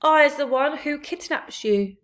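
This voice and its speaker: A woman voicing a huge, soft-hearted old male giant who talks with muddled grammar. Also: high-pitched, measured pace, pitched above the performer's own voice. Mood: remorseful.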